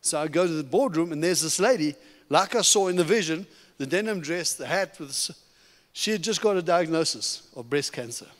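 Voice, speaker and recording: A middle-aged man from Africa giving a sermon testimony as a guest preacher, telling his story in an animated, humorous way. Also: on the high side, fairly quick. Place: church sanctuary. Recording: long reverb of a church hall.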